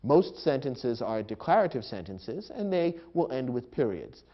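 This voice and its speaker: A man narrating a grammar lesson in a measured, explanatory way, reading example sentences aloud with expressive emphasis. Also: medium pitch. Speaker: grammar instructor. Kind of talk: scripted educational narration. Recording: dull lo-fi recording.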